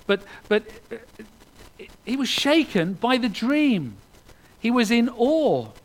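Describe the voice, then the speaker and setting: Male preacher, high-pitched, earnest sermon delivery with loud peaks and quiet drops, stumbling restarts. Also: a little hiss or hum, rough recording. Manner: earnest, swinging between loud emphasis and hushed lines, with restarts.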